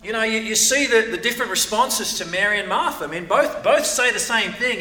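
A man's voice: high voice, animated, fairly quick, few pauses, pushed and bright. A man preaching a sermon in a conversational way, often repeating words and checking in with "right?". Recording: echoey room, voice from a distance.

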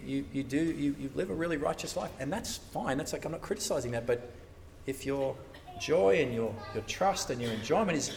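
A man preaching a sermon, animated and conversational, often acting out the voices of churchgoers. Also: a little high, creaky, distant mic, a little hiss or hum.

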